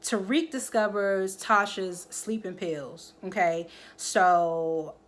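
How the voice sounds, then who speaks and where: A woman gives a loose, animated recap of a drama episode, jumping into the characters' voices as she retells scenes. Her voice sits at a middle pitch, and she keeps pulling her viewers in with quick asides and check-ins. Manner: animated storytelling, acts out the characters' lines; addresses viewers directly, keeps checking in with "okay?". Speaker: TV episode reviewer.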